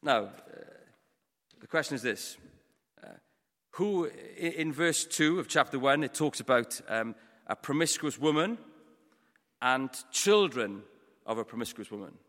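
A Welsh man giving a storytelling sermon, moving between hushed, quiet passages and loud, forceful ones. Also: medium pitch, animated, unhurried, long pauses, big-room sound. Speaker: preacher. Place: church.

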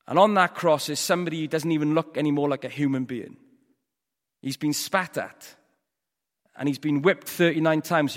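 Welsh guy preaching, kinda high voice, big echoey church hall, goes quiet then loud. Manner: storytelling, swings between hushed and loud. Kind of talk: sermon.

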